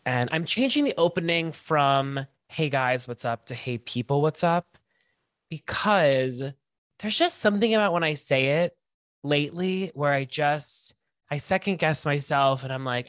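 A man hosting his own podcast alone, thinking out loud in a loose, self-conscious ramble. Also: medium pitch, no echo, studio quality. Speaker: podcast host. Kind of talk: casual solo monologue.

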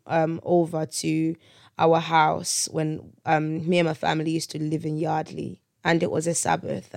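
A woman's voice: lowish voice, vocal fry, dry recording, studio quality. A woman, hosting a podcast and telling a personal testimony in an earnest, conversational way that turns preachy, checking in with listeners. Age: 30s. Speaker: podcast host.

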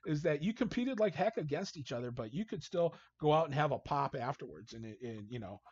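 A man's voice: a little high, a little fast, a crowd in the background. A man, a hockey coach guest, telling casual anecdotes and acting out what people said. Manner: animated storyteller, acts out quotes. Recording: dull, dry lo-fi sound.

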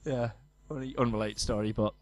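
A man in his thirties co-hosting a podcast, telling a story in animated, casual chat and laughing often. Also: mid-range voice, a little fast, no room sound. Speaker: podcast co-host.

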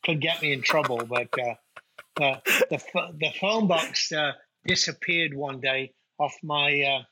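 A man's voice: a little high, a little slow, bright, forceful tone, a little hiss or hum, poor audio. A middle-aged man from England with a Nottingham accent, chatting colloquially as an interview guest. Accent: Nottingham English. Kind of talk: casual interview chat.

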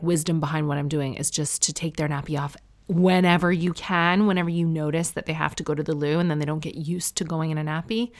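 Low-voiced Canadian woman chatting. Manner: chatty, self-mocking, opinionated. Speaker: vlogger. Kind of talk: casual chat to camera. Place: indoors at home.

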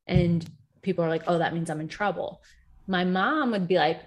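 A woman's voice: lowish voice, fairly even intonation, brisk. A woman co-hosting a podcast in casual chat, swearing freely, laughing often and acting out the voices of people she quotes. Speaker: podcast co-host.

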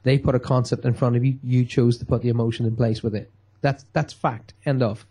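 A man's voice: mid-range voice, fairly even intonation, brisk, warm tone, husky. A man giving an emphatic motivational talk, acting out quotes in a radio-style chat. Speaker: guest speaker.

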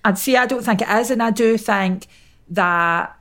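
A woman's voice: medium pitch, moderate pace, fairly bright tone. A woman with a Scottish accent, speaking bluntly and frankly in a casual chat. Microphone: video call.

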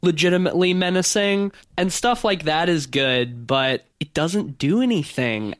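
A man's voice: a little high, normal speed, no room sound. Guy on a movie podcast ranting about a horror remake, dry close mic. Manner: opinionated, animated retelling. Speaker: podcast co-host. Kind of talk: casual film discussion.

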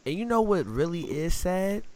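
A man co-hosting a casual sports podcast, telling animated stories and acting out quotes in slang. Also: high-pitched, moderate pace. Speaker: podcast co-host.

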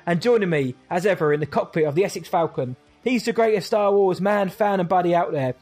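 A man's voice: high-pitched, lively intonation, fairly quick, few pauses, a little mellow, breathy edge, soft background music. A young British man hosting a podcast, cheerful and fond of puns. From United Kingdom. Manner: cheerful, punning. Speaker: podcast host. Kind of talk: casual podcast chat.

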